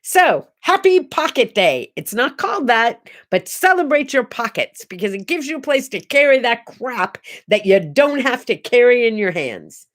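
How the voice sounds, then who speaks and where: A woman's voice: on the high side, sing-song, normal speed, few pauses. A middle-aged American woman hosting a casual solo talk show, chatting in a rambling way and telling stories with many asides. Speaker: host.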